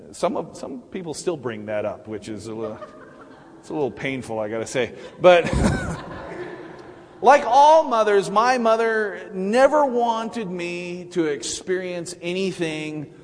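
A middle-aged man giving a personal Mother's Day sermon in a church, with halting restarts and fillers. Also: a little high. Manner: halting, many restarts and fillers, warm laughs. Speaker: church speaker. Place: church sanctuary. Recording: long hall reverb.

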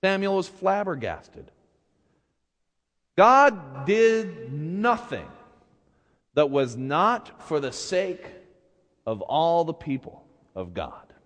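Pastor guy preaching, kinda high voice, jokey and casual about the bible story, big echoey hall sound. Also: very animated, takes it slowly. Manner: reads scripture, then retells it in a casual, joking way. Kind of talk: sermon.

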